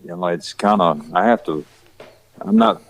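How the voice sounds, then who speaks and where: A man's voice: deep voice, huge pitch swings, normal speed, vocal fry, low-quality recording. A man with a Southern country accent, rambling in a casual chat with many restarts and fillers. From rural Georgia, west of Atlanta. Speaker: actor guest.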